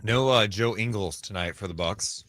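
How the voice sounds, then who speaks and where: A man's voice: lowish voice, normal speed, a bit bright, no echo. A man co-hosting a sports radio show, wry and provocative, on a studio mic. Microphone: studio microphone.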